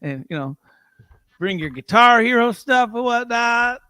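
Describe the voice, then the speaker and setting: A male co-host jokes around with a high, bright, sharp voice. He is laid-back and swears freely. The sound is close and dry. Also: expressive, unhurried, smooth, dry recording. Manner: joking, profane, laid-back. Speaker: co-host panelist. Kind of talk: casual livestream chat.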